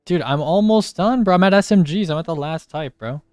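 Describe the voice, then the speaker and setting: A man chats with teammates while he streams a game, blunt and quick to swear. His voice comes through smooth and resonant, with a dry, close sound and no room echo. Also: fairly high pitch. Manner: profane, blunt, joking. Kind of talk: casual gaming banter with teammates.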